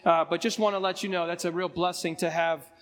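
A male pastor with a voice hoarse from a recent illness, chatting through church announcements in a relaxed way with frequent ums. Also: high-pitched, brisk, big-room sound. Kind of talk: pulpit announcements before a sermon. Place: church sanctuary.

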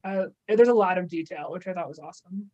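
A woman's voice: lowish voice, quick pace, mellow, dull audio. A young woman co-hosting a casual podcast, retelling a plot with many fillers. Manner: casual, filler-heavy, acts out quoted lines. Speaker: podcast co-host.

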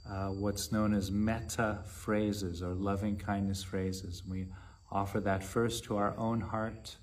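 Slow, low-voiced man giving a dharma talk. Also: flat delivery. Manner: measured and unhurried, with long pauses. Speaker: meditation teacher.

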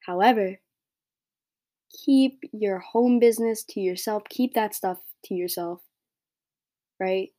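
A woman's voice: medium pitch, slow pace, pauses often, warm tone. A teenage girl hosting her own podcast, talking in a casual, blunt monologue full of "like" and "right?". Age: teens. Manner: chatty, blunt, heavy use of "like" and "right?". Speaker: podcast host.

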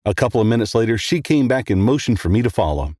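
Low-voiced man reading a horror story. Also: very animated, fast, a little mellow, no room sound, studio quality.

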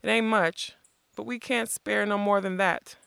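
Reader doing a grumbling giant outlaw, gravelly, rough country talk, storybook. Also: mid-range voice, fairly even intonation, a little slow, sharp tone, dry recording, clean studio sound. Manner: gruff, grumbling, rustic grammar. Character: huge gruff male outlaw giant, rough-spoken.

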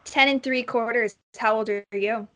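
A woman voicing a prissy, blunt ten-year-old girl who talks in a high, chirpy way. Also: steady tone, normal speed, pushed and bright.

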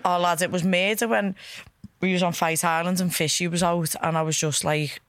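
High-voiced chatty man. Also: fairly even intonation, normal speed, fairly bright tone, no echo. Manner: chatty, laughs often, says "lads". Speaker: co-host, fighter. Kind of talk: casual chat.

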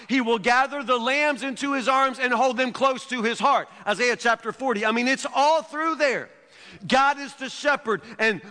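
A male pastor preaching a sermon in a folksy way, repeating words and dropping to a low hush for scripture. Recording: long reverb of a church hall.

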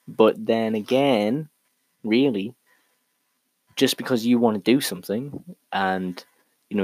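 A man's voice: lowish voice, a little mellow, dry recording, rough recording. A man talking through an argument on his own in a casual monologue, thinking aloud with frequent restarts and fillers.

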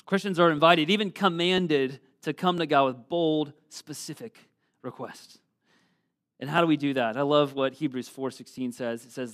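A middle-aged male pastor delivers an earnest sermon at a moderate pace, his voice pitched a bit high and slightly bright. He reads scripture with swelling emphasis.

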